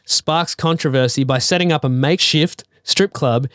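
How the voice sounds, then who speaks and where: A man's voice: a little high, moderate pace, no echo, clean studio sound. A man co-hosting a podcast in casual chat, telling a news story loosely with lots of "like" and "you know". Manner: relaxed storyteller, many "like" and "you know" fillers. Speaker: podcast co-host.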